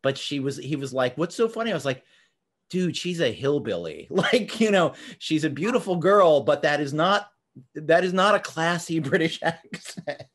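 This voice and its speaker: A man hosting a podcast, chatting casually and telling stories with quick laughs. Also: a little high, fairly bright tone. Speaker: podcast host. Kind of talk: casual chat.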